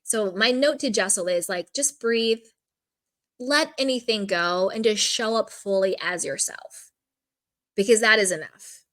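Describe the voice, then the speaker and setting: A woman discusses a reality show at a measured pace, her medium-pitched voice a touch bright. She speaks casually and bluntly, full of opinions and frequent "like" fillers.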